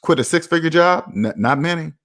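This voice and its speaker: Talking fairly fast with lively intonation, this personal finance vlogger has a fairly high-pitched, fairly bright voice. His casual motivational monologue is emphatic and preachy, with points repeated for emphasis and spoken straight to his viewers.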